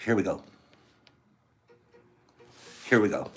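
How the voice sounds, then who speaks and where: A man with a low, expressive voice hosts a casual livestream, speaking slowly as he chats and responds to viewer comments. Faint music plays in the background.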